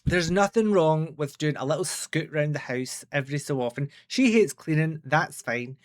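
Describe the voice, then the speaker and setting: A man's voice: fairly high pitch, lively intonation, moderate pace, music in the background. A man with a Scottish accent, chatting casually as he reacts to a cleaning show. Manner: chatty, commenting over the clip. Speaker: video reaction host.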